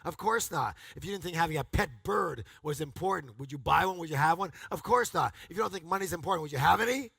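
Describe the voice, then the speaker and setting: A man giving a motivational seminar talk to a live audience, energetic and emphatic, often calling on the crowd to answer or repeat after him and bursting into loud, punchy exclamations. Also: a little high, fast, creaky, few pauses, slightly rough, no room sound. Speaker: seminar speaker.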